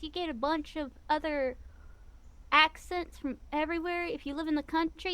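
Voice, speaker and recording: A woman with a Missouri accent talks as an interview guest in a chatty, rambling way. Her voice sits fairly high, and she sounds animated. The sound is dry and close, with no room echo. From US Midwest. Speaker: guest VTuber. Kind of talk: casual interview chat.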